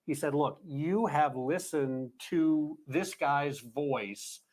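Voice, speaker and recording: A man with a fairly high-pitched voice tells trial news in a measured, deliberate way. He slows down and pauses with fillers while he weighs his words. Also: a little mellow. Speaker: news reporter recounting a trial. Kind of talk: measured news narration, reading quoted calls.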